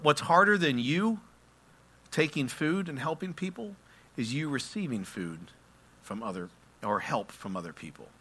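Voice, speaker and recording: A man preaching a sermon, moving between quiet explanation and loud, impassioned passages where he acts out prayers. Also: on the high side, big pitch swings, moderate pace, slightly rough. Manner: acts out prayers and quotes in his own voice. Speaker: pastor.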